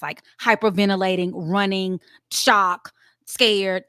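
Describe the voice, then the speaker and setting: A woman, co-hosting a casual talk show and telling stories in an animated, excitable way. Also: mid-range voice, brisk, no room sound, studio quality. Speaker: co-host.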